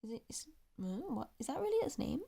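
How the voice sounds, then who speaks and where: A young English woman speaking softly in ASMR style, murmuring to herself as she tries to recall names. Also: high-pitched, sing-song, brisk, vocal fry. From England. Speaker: ASMR creator. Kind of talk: soft-spoken ASMR.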